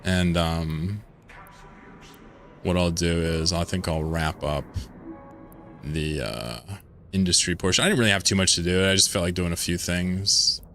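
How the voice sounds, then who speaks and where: A man's voice: low voice, unhurried, long pauses, fairly bright tone, faint music behind. A man from Pennsylvania with a mid-Atlantic American accent, rambling and joking while streaming a game and reading chat aloud. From Pennsylvania, United States. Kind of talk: casual live-stream chat while gaming.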